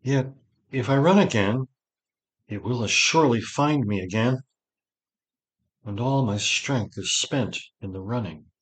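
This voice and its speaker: A man's voice: mid-range voice, a little slow, pauses often, pitched above the performer's own voice, close to an everyday voice, low-quality recording. A man reading an audiobook gives voice to an anxious young male wizard, speaking in a tense, pleading way that rises with fear. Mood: troubled.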